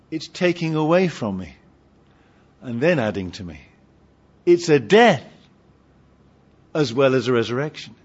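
Animated, husky-voiced male preacher. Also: high-pitched, dull audio. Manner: humorous, asks the congregation questions. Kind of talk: sermon.

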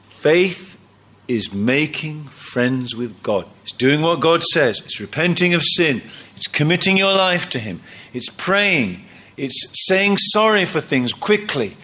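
A man's voice: medium pitch, sing-song, unhurried, fairly bright tone. A man preaching a sermon, emphatic, often acting out quoted lines.

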